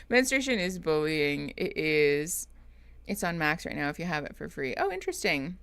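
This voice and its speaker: A woman's voice: low-pitched, sing-song, moderate pace, gravelly, a bit bright, clear, resonant tone. A woman therapist chatting casually on a live stream, greeting viewers and laughing often. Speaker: therapist streaming reaction show.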